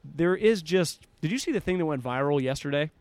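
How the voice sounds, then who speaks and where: A man's voice: on the high side, a little fast, dry recording. A man co-hosting a sports podcast, telling anecdotes in casual chat and acting out what people said. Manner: animated storyteller, acts out quotes. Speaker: podcast co-host.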